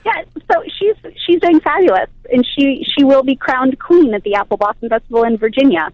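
A woman's voice: sits high, fairly quick, dry recording, muffled recording. Bubbly woman phoning in from a car. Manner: bubbly storyteller. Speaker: guest. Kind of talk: phone-in radio chat. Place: car on the road. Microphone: phone.

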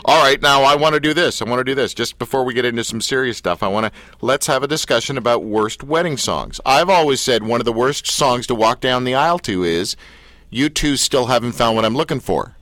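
A man's voice: medium pitch, animated, brisk, a bit bright, no echo. A man interviewing a guest in a joking, teasing casual chat.

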